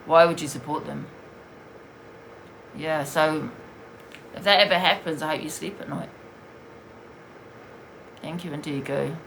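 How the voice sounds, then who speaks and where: A woman's voice: low voice, fairly even intonation, unhurried, vocal fry, long pauses, fairly bright tone, slight background noise. Blunt rambling woman streamer. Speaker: livestream host. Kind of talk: casual livestream chat.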